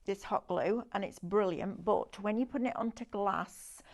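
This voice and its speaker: A woman hosts a live craft shopping show, talking viewers through each product with chatty, eager sales patter. Her voice has a gravelly, fry-tinged edge and sits at an ordinary middle pitch. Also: moderate pace, darkish tone.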